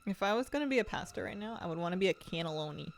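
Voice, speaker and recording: A woman's voice: mid-range voice, lively intonation, racing, slight background noise. A young woman streaming a game, chatting playfully and rambling with self-deprecating jokes and frequent laughs. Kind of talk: casual stream chat.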